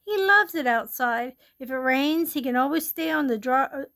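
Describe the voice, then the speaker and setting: A woman voicing a calm mother who reassures her daughter in an easygoing way. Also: high-pitched, moderate pace. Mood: reassuring.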